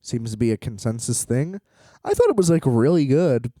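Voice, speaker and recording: A man's voice: mid-range voice, expressive, moderate pace, warm tone, no echo, clean studio sound. A tired man rambling in a solo vlog from a hotel room, exasperated, swearing and laughing often. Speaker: vlogger.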